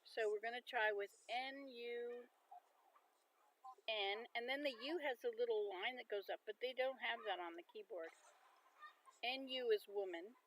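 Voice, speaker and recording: Chatty woman livestreaming, slightly high voice. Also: measured pace, a bit bright, a little hiss or hum, poor audio. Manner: chatty, muses aloud while sounding out words. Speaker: livestream host. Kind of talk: casual livestream chat.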